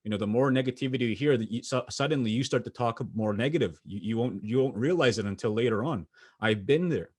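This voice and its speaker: A young adult man from Canada giving a motivational keynote, telling personal stories in an earnest, pausing way with small restarts. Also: medium pitch, darkish tone, slightly rough. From Sweetgrass First Nation, Saskatchewan, Canada. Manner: earnest storytelling with pauses and restarts. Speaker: motivational speaker. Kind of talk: keynote speech.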